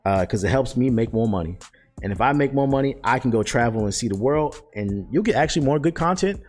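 A man in his twenties answering viewer questions in a loose, profane, slangy way with lots of fillers. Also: on the low side. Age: 20s. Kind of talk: casual chat.

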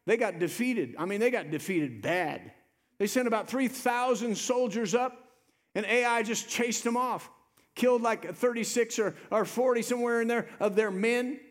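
A male pastor preaching a sermon, swelling into emphatic lines and dropping to quiet ones. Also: very high voice.

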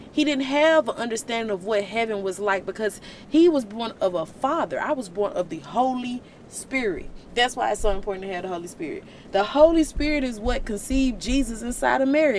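A woman giving casual Bible teaching in an animated, slangy, joking way. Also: on the high side, a little hiss or hum. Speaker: Christian vlogger teaching the Bible.

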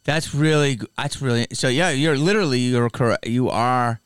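A podcast host chats casually, an animated storyteller who laughs often as he spins his tales. His mid-range voice moves at a moderate pace, and the studio-quality recording is clean with no echo.

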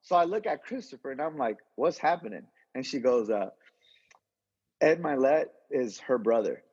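A man's voice: mid-range voice, lively intonation, moderate pace, a little mellow, breathy edge, long reverb tail. A man being interviewed, casually telling a long story with lots of restarts and slang. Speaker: interview guest, entrepreneur. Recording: dull lo-fi audio.

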